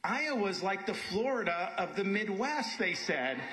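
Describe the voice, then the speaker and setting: A man's voice: sits high, very animated, measured pace, noisy background. A man giving a campaign speech to a crowd, in a clip played on the show.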